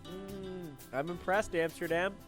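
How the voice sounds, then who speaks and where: A young man narrating his travel vlog in a playful, jokey, excitable way. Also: high-pitched, unhurried. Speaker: travel vlogger. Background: background music.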